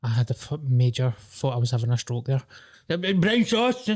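A man's voice: mid-range voice, big pitch swings, normal speed, a little mellow. A man with a Scottish accent in casual podcast chat, swearing and poking fun at himself. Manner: self-mocking, sweary.

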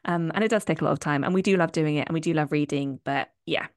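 A woman co-hosting a book podcast, chatting in a bubbly way with quick asides and frequent laughs. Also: low voice. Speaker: podcast co-host. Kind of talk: casual chat.

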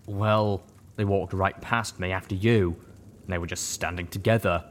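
A man voicing a quiet, nervous young stallion in an audiobook, speaking softly and hesitantly. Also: sits low, fairly even intonation, moderate pace, slight background noise, lightly acted. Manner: soft, hesitant. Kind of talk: audiobook character voice.

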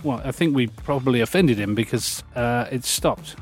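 A man's voice: medium pitch, normal speed, soft background music, lightly acted. A man with an English accent playing a dim, eager radio co-host who rambles and agrees with everything. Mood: bumbling. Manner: earnest, rambling, over-agreeing. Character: dim, eager male co-host who gets things wrong. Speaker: radio sports show co-host. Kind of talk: scripted sitcom radio banter.

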